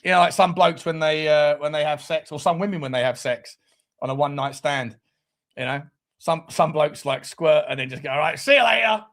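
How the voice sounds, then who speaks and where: A man's voice: on the high side, steady tone, normal speed. A man hosting a live fan stream, who talks bluntly with crude jokes and reads out the chat. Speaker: fan show presenter.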